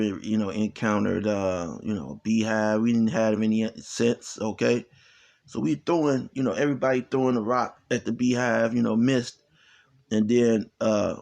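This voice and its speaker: A man's voice: mid-range voice, gravelly, a little mellow. A man telling a long, rambling, profane story in casual talk, full of fillers and "you know," laughing as he goes. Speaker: channel host.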